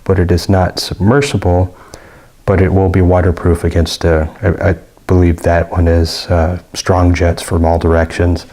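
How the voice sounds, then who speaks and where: A man's voice: low-pitched, darkish tone. A man giving a casual, rambling product review with many fillers and restarts. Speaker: gear reviewer.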